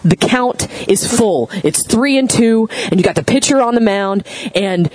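A woman pastor preaches in a loose, conversational way. She tells a story with lively energy and throws questions out to the congregation. Her voice sits at an ordinary middle pitch. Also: a little slow, rough recording. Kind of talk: sermon.

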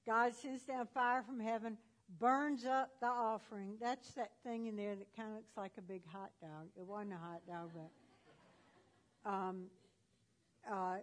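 Slow, folksy woman telling a Bible story. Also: mid-range voice, steady tone. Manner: folksy, conversational, with fillers.

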